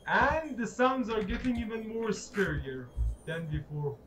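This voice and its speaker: Jumpy, high-voiced man playing a horror game. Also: big pitch swings, unhurried, a bit bright, slight background noise, low-quality recording. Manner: jumpy, swearing, sarcastically greeting the monsters. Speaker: gaming YouTuber. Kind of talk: horror game let's play commentary.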